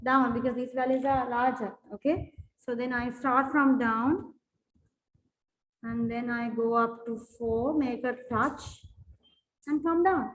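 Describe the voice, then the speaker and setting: A woman's voice: on the high side, fairly even intonation, slow pace, poor audio. A woman teaching a maths lesson in a classroom, repeating herself with fillers and restarts, and often asking whether the students follow. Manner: repetitive, with many fillers and restarts. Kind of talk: classroom lesson explaining graphs.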